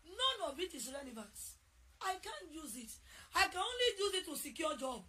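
Woman pastor, high bright voice, fervent sermon delivery, prayer to chat. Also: very animated. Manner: fervent, swings from loud chanted prayer to quick conversational exhortation. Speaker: preacher.

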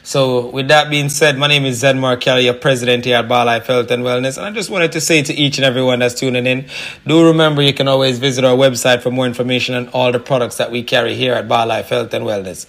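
Man, company president, radio guest, promotional tone, bright crisp voice. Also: medium pitch, fairly even intonation, quick pace. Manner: promotional, repeats phone number. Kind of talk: radio guest advertising products.

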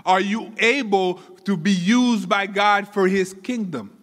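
A pastor with a high, bright voice preaches a sermon in a church, speaking slowly and with animation. He often repeats words as he builds toward each point. Long reverb from the surrounding hall rings around his voice.

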